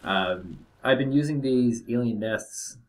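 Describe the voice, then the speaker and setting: Speaking slowly in a medium pitch, a young man comments casually on his strategy game playthrough. His let's-play narration rambles and falters, packed with fillers.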